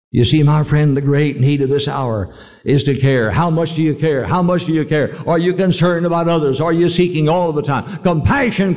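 A man's voice: fairly high pitch, darkish tone. A man preaching a sermon, telling stories and rising to emphatic points, on a dull old recording with a long echo. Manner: preaching with swells of emphasis and storytelling.

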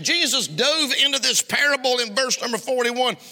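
High bright-voiced preacher in reverb. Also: male voice, animated, moderate pace, few pauses. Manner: impassioned preaching with rhetorical questions to the congregation. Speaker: pastor. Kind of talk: sermon. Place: church sanctuary. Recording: long reverb of a church hall.

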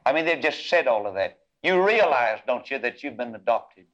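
A man preaching a sermon, moving from hushed storytelling to loud, drawn-out, singsong calls. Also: mid-range voice, animated, highs cut off.

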